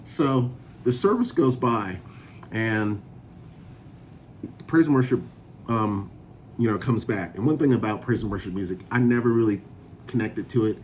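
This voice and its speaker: A man telling his personal testimony in a relaxed, chatty way, often laughing as he goes. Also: on the low side, measured pace, long pauses, slight background noise. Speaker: vlogger sharing a sobriety testimony. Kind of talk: casual personal storytelling.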